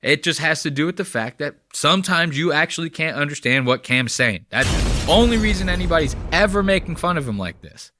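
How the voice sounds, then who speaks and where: Bright-voiced man, profane casual commentary. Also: a little high, lively intonation, fairly quick, no echo. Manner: profane, blunt, chatty. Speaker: commentator reacting to clips.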